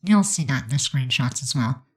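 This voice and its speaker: A woman's voice: very deep voice, lively intonation, moderate pace, darkish tone, poor audio. A woman with a stuffed-up, congested voice giving a chatty, rambling voice-over commentary on a game build. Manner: chatty, rambling, many fillers.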